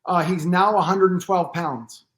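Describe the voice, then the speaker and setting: High-voiced man telling animated stories. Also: measured pace. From Pennsylvania. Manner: animated anecdotes, acting out dialogue, joking. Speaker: guest posture therapist. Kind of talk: storytelling in a podcast interview.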